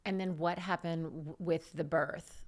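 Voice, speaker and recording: A woman co-hosting a podcast, asking questions with quick, supportive reactions. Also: deep voice, fairly even intonation. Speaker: podcast co-host. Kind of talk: interview questions.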